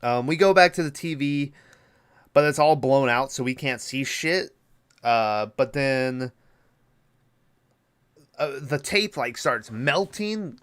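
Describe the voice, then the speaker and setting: A podcast host recaps a horror movie in a casual, rambling style, swearing a lot and leaning on fillers. His medium-pitched voice is smooth, animated, and fairly bright, moving at a slow pace with frequent pauses.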